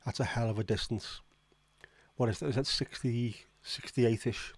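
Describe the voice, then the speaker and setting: A man's voice: mid-range voice, fairly even intonation, normal speed, breathy edge, no room sound. A man hosting a casual livestream, reading out viewer comments and reacting with blunt, swearing disbelief. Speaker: livestream host.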